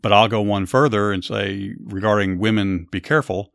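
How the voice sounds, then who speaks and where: Low-voiced man narrating Bible stories. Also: steady tone, moderate pace, gravelly, no echo, clean studio sound. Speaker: podcast host. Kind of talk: Bible story narration with commentary.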